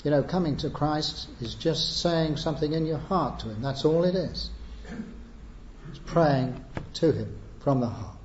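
A man's voice: a little high, a little slow, slight background noise. A man preaching an evangelistic sermon, earnest and pleading, building to emphatic appeals. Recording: echoey muffled church recording.

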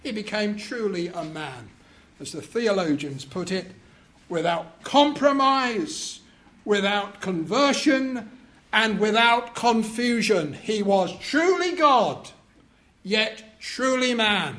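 A preacher with a notably high voice that rises and falls a lot as he preaches. He speaks slowly and deliberately, stressing each phrase, with playful asides to his audience. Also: sing-song, a bit bright. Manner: deliberate, emphatic, joking with the audience. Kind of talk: sermon.

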